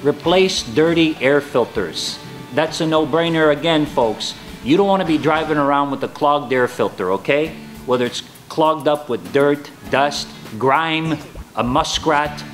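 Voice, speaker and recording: A man's voice: medium pitch, lightly acted. A man playing a folksy, hammy car dealer, delivering a comedic sketch monologue in salesman patter. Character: hammy, folksy male used-car dealer giving tips.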